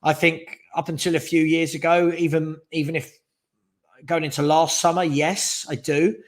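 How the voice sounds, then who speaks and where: A man's voice: on the high side, level tone, moderate pace. A man hosting a live fan stream, chatting casually and giving strong opinions while reading out viewer questions. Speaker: fan channel host.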